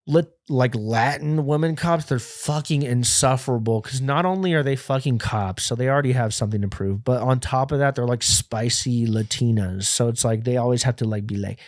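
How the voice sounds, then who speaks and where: Brief: young male podcast host, profane and animated storyteller, dry close sound. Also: medium pitch, normal speed, hardly any pauses, dry recording. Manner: profane, animated, acts out quoted voices. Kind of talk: casual storytelling monologue.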